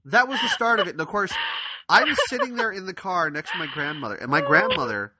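Animated man telling a funny story. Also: high voice, brisk, over a noisy crowd. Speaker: podcast co-host. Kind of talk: casual chat, storytelling.

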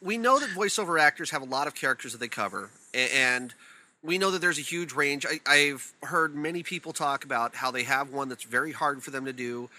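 A man's voice: medium pitch, a little fast, bright, forceful tone, low-quality recording. A man co-hosting an interview, hesitant and stumbling over his words as he asks questions. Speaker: co-host. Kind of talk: casual interview chat.

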